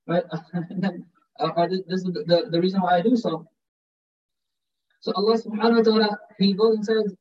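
Young male teacher for an informal religious talk. He speaks fast and in a high voice, loose and joking, with Urdu and Arabic phrases mixed in, captured dull and from a distance. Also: fairly even intonation. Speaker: Islamic teacher giving a talk.

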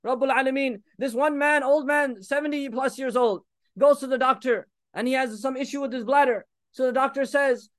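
A preacher in his thirties gives an impassioned sermon in a strikingly high voice, threading Arabic phrases through urgent appeals to his listeners. His tone stays steady and his speed normal. The recording is dry and close, with no room sound.

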